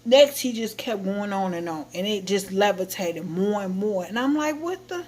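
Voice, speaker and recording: A woman's voice: medium pitch, moderate pace. Woman streamer, rambling casual chat. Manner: rambling, animated storytelling. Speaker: livestream host.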